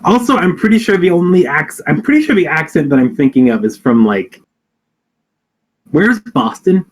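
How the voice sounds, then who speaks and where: A man's voice: fairly high pitch, very animated, normal speed, poor audio. A man co-hosting a casual chat, summarizing at length with a rambling, hesitant manner. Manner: rambling, hesitant, many ums and likes. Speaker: podcast co-host.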